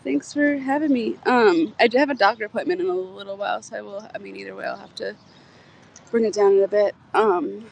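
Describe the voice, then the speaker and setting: A woman's voice: medium pitch, a little fast, vocal fry, low-quality recording. A woman chatting casually on a livestream outdoors, rambling, laughing and swearing as she talks. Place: outdoors in a community garden. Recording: faint outdoor noise.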